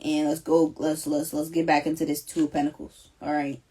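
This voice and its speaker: A woman's voice: low-pitched, monotone, fairly quick, dark tone, slightly rough. A young woman doing a live collective tarot reading, talking in an emphatic, slangy, repetitive and emotional way. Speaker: tarot reader.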